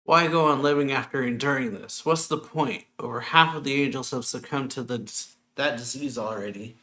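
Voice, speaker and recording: A man's voice: medium pitch, moderate pace, bright, forceful tone, voice pushed up, lightly acted. A man reading aloud the lines of a despairing, proud male king of angels with raised, strained intensity. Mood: anguished.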